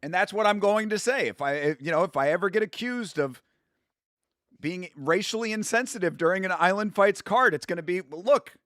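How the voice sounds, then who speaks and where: A man streaming from home hosts a watch-along, talking in a loose, rambling way and laughing at his own jokes. His voice sits fairly high, and he breaks into loud, excited bursts now and then. The sound is dry and close, with almost no room echo. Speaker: YouTube host doing a watch-along. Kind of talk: casual live commentary.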